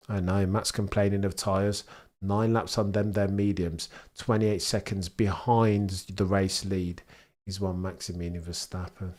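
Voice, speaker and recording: A man doing live race commentary for his chat, slangy and sarcastic, swinging between excitement and dejection. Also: lowish voice, a little slow. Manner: exasperated, swings from animated to deflated. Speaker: streamer commentating a race watchalong.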